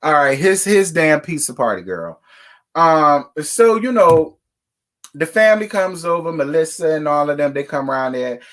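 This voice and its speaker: A man's voice: on the high side, animated, moderate pace, fairly bright tone. A man hosting a casual reality TV recap, talking bluntly and profanely in a scolding tone. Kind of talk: casual commentary rant.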